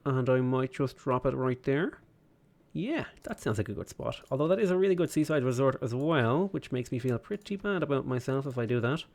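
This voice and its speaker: A man's voice: medium pitch, lively intonation, brisk, creaky, darkish tone. A young man streaming a strategy game, chatting casually in a rambling, joking way. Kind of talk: casual livestream commentary.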